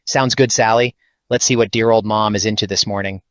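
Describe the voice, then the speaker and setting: A man's voice: on the low side, fairly even intonation, a little fast, fairly bright tone, no echo, lightly acted. A man voicing a smug, greedy male streamer in a cartoon skit. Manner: smug, whiny. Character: greedy self-important male video streamer. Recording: dull dry lo-fi sound.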